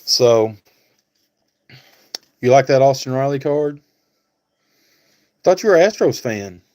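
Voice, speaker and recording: A man's voice: mid-range voice, lively intonation, slow pace, a little mellow. A man hosting a casual live stream, talking to viewers by name and thinking aloud with many fillers. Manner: talks back to chat viewers by name.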